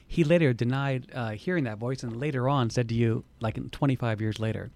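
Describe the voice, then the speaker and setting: A man's voice: mid-range voice, gravelly, a little mellow. A man interviewing his mother, prompting her with details and questions. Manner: fast, prompting, fills in details.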